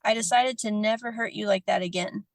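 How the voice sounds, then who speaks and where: A woman's voice: medium pitch, steady tone, brisk, no room sound. A woman reading aloud a tender personal letter as a podcast guest, emotional and often laughing, then chatting casually.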